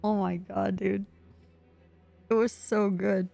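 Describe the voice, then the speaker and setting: A woman's voice: medium pitch, level tone, slow pace, gravelly, dark tone. Woman streamer rambling and giggling, casual game chat, faint music playing behind. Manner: giggly, rambling storytelling with frequent laughs. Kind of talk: casual chat while gaming.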